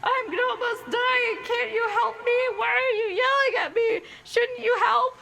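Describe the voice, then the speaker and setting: A woman's voice: very high voice, slow pace, very noisy, voice pushed up. A woman voicing a whiny, stranded romance heroine who pleads and whimpers. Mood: whimpering.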